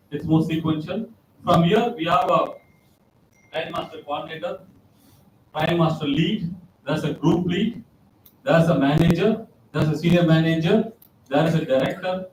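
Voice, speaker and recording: A man's voice: fairly high pitch, moderate pace, slight background noise. Man speaking in an echoey hall. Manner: anecdotal, repeats key phrases for emphasis. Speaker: guest speaker. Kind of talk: motivational talk to students. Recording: roomy echo, distant mic, faint ambience.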